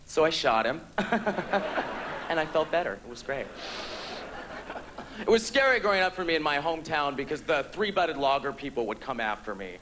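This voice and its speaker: A man performing a stand-up comedy set on a theatre stage, campy, with quick punchlines. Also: a little high, animated, a bit bright, slight background noise. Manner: campy, rapid punchlines with quoted voices.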